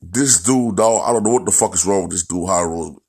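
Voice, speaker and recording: A man goes off on a sports rant in a lowish voice. He is blunt and profane and keeps repeating his points as he hammers them home. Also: fast talker, darkish tone, husky. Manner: blunt, profane, repetitive, ranting. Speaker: football commentator.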